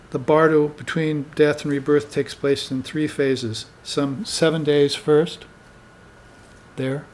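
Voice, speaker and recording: Unhurried man giving a dharma talk. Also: fairly high pitch, a little hiss or hum. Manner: unhurried, conversational, tags points with "you see". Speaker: spiritual teacher.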